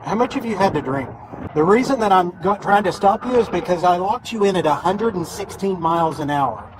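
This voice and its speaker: A man's voice: sits high, lively intonation, a little fast. A male police officer at a roadside stop, firmly giving short, repeated commands. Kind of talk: real bodycam exchange. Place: roadside traffic stop at night. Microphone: bodycam on his chest. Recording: noisy roadside bodycam audio.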